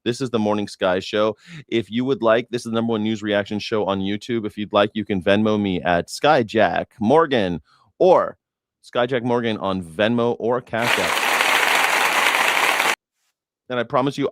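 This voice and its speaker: A man's voice: fairly low pitch, moderate pace, a faint crowd. An American man hosting a news reaction livestream, talking in a sarcastic, mocking way and swearing freely. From United States. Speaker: news reaction show host. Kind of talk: profane livestream commentary.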